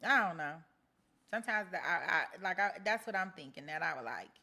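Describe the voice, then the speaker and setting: A woman's voice: fairly low pitch, expressive, fairly quick, bright, forceful tone. A woman hosting a true-crime commentary show, talking casually with lots of restarts. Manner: casual, chatty, many restarts. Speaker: host.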